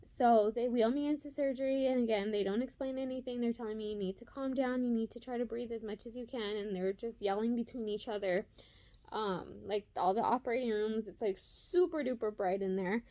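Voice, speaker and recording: A woman's voice: a little high, mellow. Emotional young woman retelling her birth. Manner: emotional, fast-paced retelling with many fillers. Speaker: vlogger telling her birth story. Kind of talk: casual personal storytelling.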